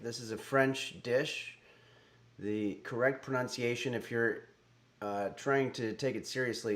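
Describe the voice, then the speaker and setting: Slow, deadpan middle-aged man. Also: mid-range voice. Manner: deadpan, halting with fillers. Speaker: cooking stream host. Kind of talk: casual livestream chat.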